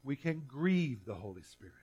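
A man's voice: mid-range voice, sing-song, moderate pace, a little mellow, husky, highs cut off, soft background music. A male pastor preaching a sermon earnestly, often restarting and repeating himself.

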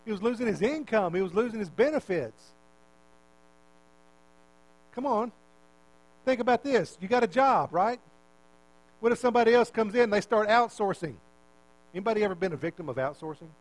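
A man's voice: high voice, animated, a little fast, low-quality recording. A male preacher giving a conversational sermon, often repeating words and putting questions to his listeners.

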